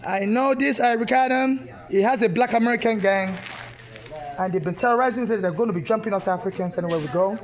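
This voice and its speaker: A woman's voice: mid-range voice, quick pace. A woman from Nigeria, ranting in an agitated, repetitive, insistent way indoors in a public building, recorded on a handheld phone. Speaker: protester. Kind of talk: angry ranting monologue.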